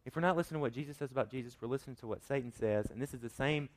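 A man preaching a sermon, swinging from loud emphatic points to quiet asides and asking his listeners rhetorical questions. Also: medium pitch, rapid-fire. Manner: acts out quoted voices with rhetorical questions. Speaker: pastor.

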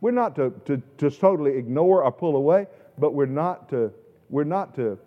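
A man preaching a sermon in a church sanctuary, emphatic, swinging between loud stressed words and quiet asides and repeating words as he restarts. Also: a little high, animated, normal speed. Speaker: pastor. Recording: echoey hall, dull lo-fi sound.

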